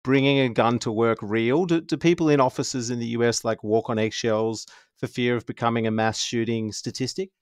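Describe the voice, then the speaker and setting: A man's voice: mid-range voice, fairly even intonation, normal speed, hardly any pauses, clear, resonant tone, dry recording, clean studio sound. A man co-hosting a podcast, asking questions in a thoughtful, hesitant way. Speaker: podcast co-host. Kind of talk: casual podcast interview.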